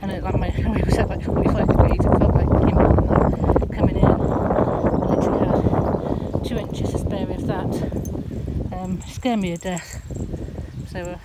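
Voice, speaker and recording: A woman's voice: medium pitch, fairly even intonation, unhurried. A woman, vlogging casually outdoors at a campsite, chatting away and slipping into fond baby talk with her cat. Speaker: van-life vlogger. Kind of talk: casual vlog chat to camera. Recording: outdoor background noise.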